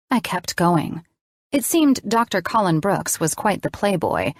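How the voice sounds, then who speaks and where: A woman narrating a romance novel in the first person, steady and measured. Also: medium pitch, no echo, studio quality. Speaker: audiobook narrator.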